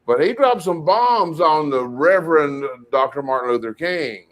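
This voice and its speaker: A man co-hosting a casual talk show, talking haltingly with restarts as he looks things up. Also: a little high, lively intonation. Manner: halting, searching aloud, many restarts. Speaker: cartoonist co-host. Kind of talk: casual chat.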